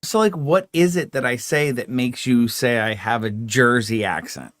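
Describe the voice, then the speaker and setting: East coast guy hosting a live chat, swears a lot, mid pitch, dry close mic. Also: a bit bright, dry recording. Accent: East Coast American. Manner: profane, joking, quick to interrupt. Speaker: livestream host. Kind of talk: casual chat.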